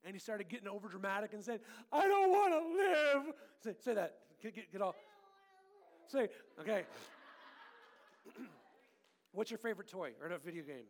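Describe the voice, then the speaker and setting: A man giving a lively children's sermon with volunteers, playful and animated, swinging between loud bursts and hushed tones. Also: high voice, normal speed, long pauses. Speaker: children's pastor.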